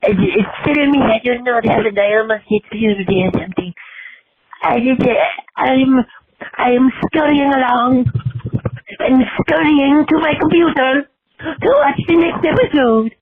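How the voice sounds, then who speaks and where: A man's voice: extremely high pitch, normal speed, breathy edge, full character voice. A man voicing a whiny little gold-hoarding creature, leaving a pleading voicemail. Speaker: caller. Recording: tinny phone voicemail with hiss.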